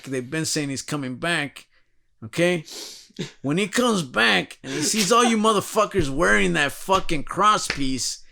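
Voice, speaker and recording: High-voiced man ranting profanely. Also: vocal fry, pushed and bright. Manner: profane, rambling comic rant; laughs at his own jokes. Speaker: podcast host. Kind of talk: casual podcast chat.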